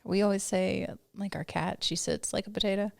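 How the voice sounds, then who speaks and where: A woman with a gravelly, creaky edge to her voice, recorded close and dry. She chats casually, laughs often and slips in quick, wry asides. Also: medium pitch, steady tone, no echo. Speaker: podcast co-host. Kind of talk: casual podcast chat.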